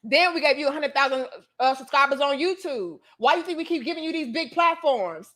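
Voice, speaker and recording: A woman's voice: high voice, lively intonation, a little fast, fairly bright tone. A woman voicing a scolding lady from her dream who keeps firing pushy questions. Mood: insistent.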